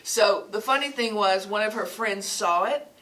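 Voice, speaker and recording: A woman's voice: mid-range voice, moderate pace, fairly bright tone. A woman giving an earnest, sermon-style talk, telling stories and often repeating words as she goes. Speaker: spiritual speaker. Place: small shop gathering room. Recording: distant mic, faint room noise.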